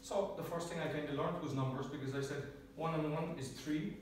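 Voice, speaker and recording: An Irish man with a slightly high voice delivers a light, self-mocking prepared speech, chuckling as he goes. He stands well back from the microphone, and his voice rings around a very echoey room with a faint hiss behind it. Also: steady tone, a little fast. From Ireland. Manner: joking, self-deprecating, chuckles often. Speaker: club speaker. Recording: very echoey room, distant mic.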